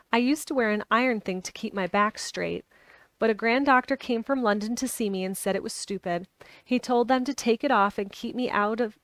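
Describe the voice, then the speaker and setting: A gloomy, sickly young boy speaks in a fretful, complaining way from his bed, as a woman reads him aloud. The pitch sits in an ordinary middle range. The sound is dry, with no room echo. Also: lightly acted.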